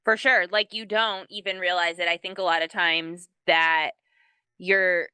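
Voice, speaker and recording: A woman's voice: lowish voice, steady tone, a little slow, pushed and bright, smooth, no echo. A woman hosting her podcast, talking casually and enthusiastically, swearing freely. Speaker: podcast host.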